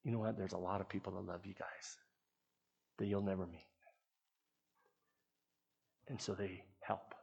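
A man's voice: low-pitched, flat delivery, moderate pace, vocal fry, long pauses, a little mellow, muffled recording, a little hiss or hum. A man who leads a youth ministry, giving an earnest, conversational sermon to the people who support it. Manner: earnest, conversational preaching with restarts.

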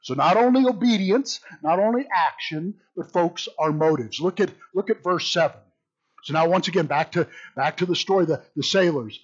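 Animated, joking male Bible teacher with a somewhat high voice, repeats himself mid-thought, muffled lo-fi sound. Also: normal speed. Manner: animated, jokey, repeats words while thinking. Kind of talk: informal Bible study teaching.

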